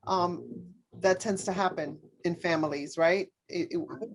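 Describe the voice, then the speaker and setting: Earnest woman telling her story haltingly. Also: on the low side, steady tone. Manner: halting, with many fillers and restarts; earnest, speaks openly about faith. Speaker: podcast guest. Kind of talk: personal storytelling in an interview.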